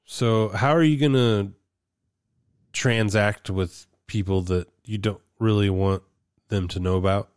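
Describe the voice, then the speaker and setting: Low-voiced man pressing his point. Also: steady tone, a little slow, darkish tone, smooth, dry recording, studio quality. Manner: persistent, needling, argues a point. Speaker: podcast co-host. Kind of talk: casual chat.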